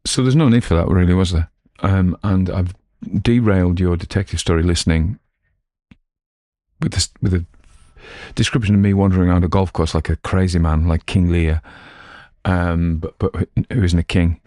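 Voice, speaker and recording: A man's voice: low voice, fairly even intonation, normal speed, dark tone, no echo, clean studio sound. A middle-aged Cumbrian man from Cumberland, an audiobook host chatting in a digressive, self-mocking way. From Cumberland, England. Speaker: audiobook reader and channel host. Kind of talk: casual rambling chat.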